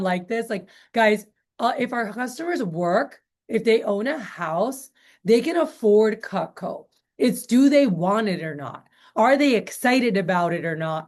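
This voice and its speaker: A woman's voice: medium pitch, darkish tone. A woman sales trainer telling a customer story in a chatty way, with many fillers and restarts. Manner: chatty, lots of fillers and restarts, quotes people.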